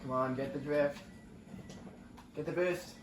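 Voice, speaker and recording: His voice is a little high with fairly even intonation and a slightly slow pace as this young man rambles casually through a racing game for his channel, reacting as he plays. A roomy, distant mic picks up faint ambience and a little hiss or hum.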